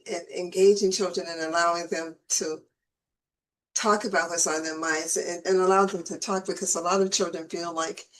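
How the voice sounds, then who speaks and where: A woman's voice: lowish voice, slight background noise, poor audio. A woman hosting an interview show, talking casually and often repeating words as she gathers her thoughts. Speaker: host.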